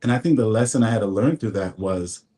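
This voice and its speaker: A man's voice: on the low side, fast talker, warm tone. A man, a fashion designer, earnestly telling his story on a radio talk show in a studio. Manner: storytelling, earnest, faith-filled. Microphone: studio mic.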